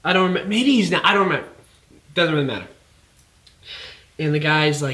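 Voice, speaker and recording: A young student in casual chat, rambling and stopping himself mid-sentence. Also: male voice, fairly high pitch, animated, a little fast, pushed and bright. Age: young adult. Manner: rambling, self-interrupting storyteller.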